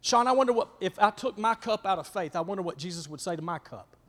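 A man preaching a sermon in a church, swinging from loud emphasis to soft whispers and calling out to listeners by name. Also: sits high, animated, fast talker, long reverb tail. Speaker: pastor.

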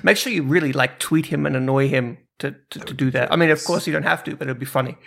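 A man's voice: mid-range voice, quick pace, vocal fry, a bit bright. A man hosting a casual podcast, chatty and self-mocking, rambling with restarts. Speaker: podcast host.

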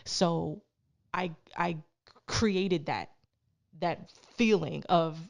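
Animated storytelling woman guest. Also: lowish voice, extremely slow, creaky, highs cut off. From Canada. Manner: animated, acts out quoted voices. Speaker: podcast guest. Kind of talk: personal storytelling in casual chat.

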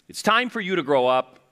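Male pastor, sermon, bright voice, lively pitch, conversational, self-correcting. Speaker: lead pastor.

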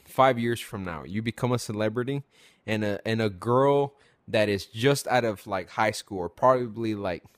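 A man's voice: on the low side, moderate pace, no room sound. A man hosting a casual podcast chat, joking and telling stories with acted-out quotes. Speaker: podcast host.

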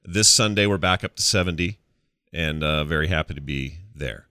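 Bright, clear-voiced male podcast host. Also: rumbling low, moderate pace, no room sound, studio quality. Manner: upbeat, joking and chatty. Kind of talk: casual chat.

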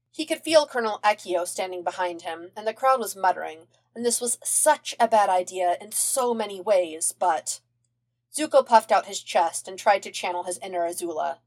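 A woman reading fan fiction aloud as a podfic narrator, telling it in a lively, expressive way. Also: mid-range voice. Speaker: podfic reader.

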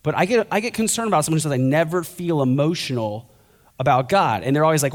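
A man's voice: a little high, lively intonation, quick pace. A young man preaching a sermon as a pastor, conversational and joking, then building to fervent intensity.

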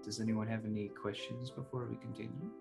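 A man narrating as game master of a tabletop game, relaxed and halting, with many fillers. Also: lowish voice, creaky, over music.

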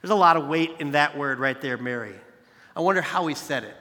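At an evening service in a large hall, a man preaches with a slightly high, bright and forceful voice, moving at a fairly quick pace. His delivery is conversational, addressing the crowd as "you guys" and piling up repeated phrases for emphasis, with a long reverb tail trailing his words.

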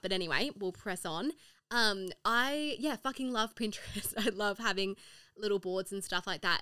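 A woman's voice: medium pitch, bright, forceful tone. A young woman hosting her own podcast in casual solo chat, swearing freely, laughing often and filling her talk with "like.". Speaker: podcast host. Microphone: own podcast mic.

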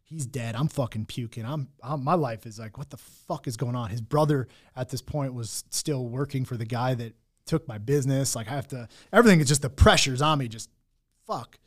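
A man's voice: medium pitch, fairly quick. A young man telling his own hard story in candid talk, blunt and full of swearing and restarts. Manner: raw, blunt, swears often, many restarts.

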